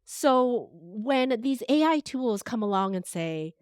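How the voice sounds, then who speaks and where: Expressive woman podcast guest, dry sound. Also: on the high side, takes it slowly, clear, resonant tone, dry recording. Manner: expressive, animated, uses air quotes verbally. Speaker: podcast strategist and voice coach, guest. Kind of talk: conversational interview.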